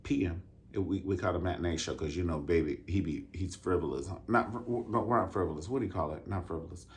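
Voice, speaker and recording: A man telling a story in a casual, profane rant, flamboyant and sassy, with drawn-out emphatic asides. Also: deep voice, a little hiss or hum. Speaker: vlogger reviewing a dance concert.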